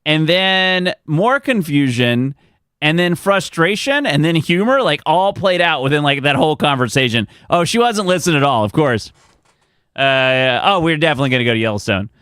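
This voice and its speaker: A man chatting live with his viewers, his voice sitting a bit high for a man. He rambles through family stories and chuckles as he goes. The sound is dry and close, with no room echo. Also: big pitch swings, moderate pace, a bit bright, clear, resonant tone. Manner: rambling storyteller, chuckles often. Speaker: streamer. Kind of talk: casual chat with live chat.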